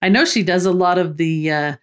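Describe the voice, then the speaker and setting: A woman's voice: lowish voice, a little fast, clear, resonant tone. A woman co-hosting a podcast, chatting casually about films and laughing often. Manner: reads cast lists, laughs often. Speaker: podcast co-host.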